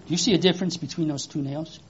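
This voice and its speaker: Animated preacher quizzing children. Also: medium pitch, fast, dull audio, a little hiss or hum. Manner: animated, exclamatory, asks children questions. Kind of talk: children's sermon with object lesson.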